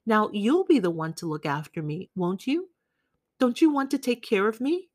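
A woman reading the part of a lonely, clingy woman who pleads softly with a guest in an audiobook. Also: medium pitch, very animated, moderate pace, no room sound, studio quality. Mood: pleading.

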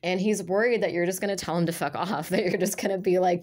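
A woman's voice: lowish voice, steady tone, quick pace, a little mellow, slight background noise. Rambling woman giving a casual tarot reading. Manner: rambling, filler-heavy and chatty. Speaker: tarot reader.

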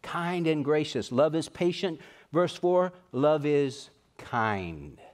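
A pastor preaching a sermon earnestly, slowing down to stress key words. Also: male voice, a little high, animated, darkish tone.

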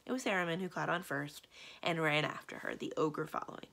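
A woman librarian reads a children's story aloud with lively, expressive storytelling. Her voice sits a little low with a gravelly texture. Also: fairly quick. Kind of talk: children's book read-aloud.

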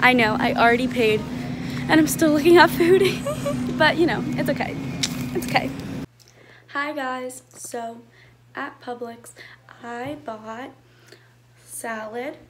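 A young woman with a high, bright-sounding voice chats excitedly to her phone camera in a casual vlog, her sentences full of "um" and "like". The phone recording is noisy, with constant background sound behind her. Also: takes it slowly, long pauses. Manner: chatty and excitable, lots of fillers like "um" and "like". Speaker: vlogger.

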